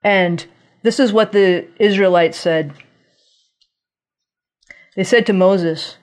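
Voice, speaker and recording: A woman delivers a sermon at an unhurried pace. She tells the stories in a lively way and acts out the voices of the figures in them. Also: mid-range voice. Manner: animated storytelling, acting out voices of biblical figures. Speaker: preacher.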